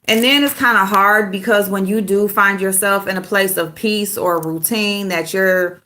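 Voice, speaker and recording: A woman's voice: mid-range voice, steady tone, normal speed, sharp tone. A woman vlogger chatting casually and loosely with her viewers, rambling and laughing often. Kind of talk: casual live chat with viewers.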